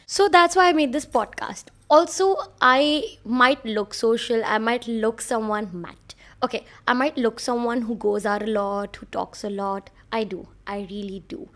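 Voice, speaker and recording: A woman's voice: on the high side, a bit bright. A young woman hosting her own podcast, talking alone in a chatty, self-conscious, rambling way. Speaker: podcast host. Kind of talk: solo podcast rant. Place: room.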